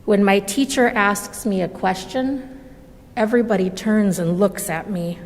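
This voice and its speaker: Woman, mid pitch, reading a storybook aloud, very slow and careful, gentle, reverberant church hall. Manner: gentle, measured, deliberate reading. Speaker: reader at a church service. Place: church sanctuary. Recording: long reverb of a large hall.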